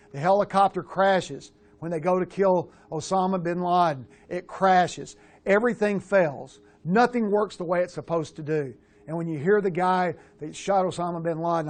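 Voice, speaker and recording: Middle-aged male QB coach, blunt and animated, slightly higher voice, swears casually while breaking down film. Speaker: quarterback coach.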